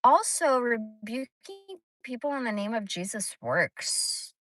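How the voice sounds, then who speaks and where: A woman's voice: on the high side, sing-song, slow pace, a bit bright. A woman hosting a casual livestream, ranting bluntly and swearing freely. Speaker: livestream host.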